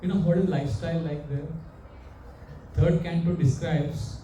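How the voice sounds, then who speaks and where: A man preaches in an animated way, asking his listeners questions as he goes. His voice is fairly high for a man yet mellow in tone. The recording is roomy and distant, with a faint background hum. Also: moderate pace, muffled recording. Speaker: monk preacher. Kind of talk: sermon with storytelling. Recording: echoey room, mic far off.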